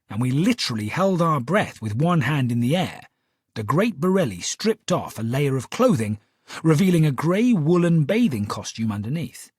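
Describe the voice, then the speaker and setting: Casting: male audiobook narrator, animated delivery, slightly husky, dry booth sound. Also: on the high side, no echo. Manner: lively, expressive storytelling. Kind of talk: scripted first-person narration.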